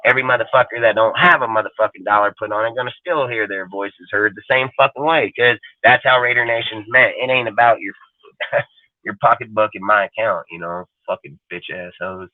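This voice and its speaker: A man's voice: lowish voice, fairly quick, no echo. A man hosting a live sports talk show, ranting angrily and swearing constantly in a rambling way. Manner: angry, foul-mouthed, rambling. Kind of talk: profane live-stream rant. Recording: dry phone-like audio.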